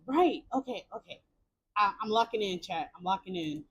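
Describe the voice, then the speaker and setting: A young woman streamer reads a choice-based story game aloud. She breaks off often into excited, exclamatory reactions and repeats words. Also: medium pitch, a little fast, breathy edge.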